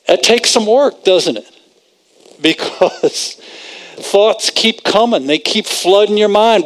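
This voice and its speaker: A man's voice: high-pitched, lively intonation, drawn-out words, pauses often. A man preaching a conversational sermon, repeating phrases for emphasis and quoting scripture.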